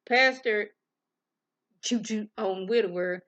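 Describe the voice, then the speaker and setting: A woman's voice: mid-range voice, takes it slowly, a bit bright. A woman with a Southern US accent casually recapping a TV episode in a chatty, slangy storytelling way. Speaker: TV review vlogger.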